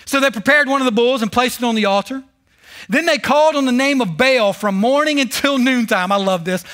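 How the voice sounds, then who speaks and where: A male pastor preaching a sermon, telling a Bible story with animated, sarcastic humor. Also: extremely high pitch. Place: church service.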